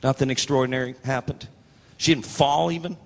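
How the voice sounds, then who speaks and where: A man preaching a sermon as pastor, telling stories with energy and acting out the people in them, building up to shouts. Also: mid-range voice, fairly quick, gravelly, long reverb tail. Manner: animated storytelling, acting out quoted voices, building to shouts.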